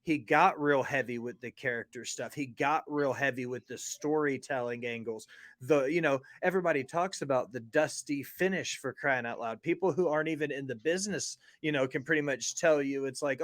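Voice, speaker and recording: A man's voice: mid-range voice, normal speed, a bit bright, no room sound, studio quality. A man in a casual podcast chat, talking emphatically with many fillers.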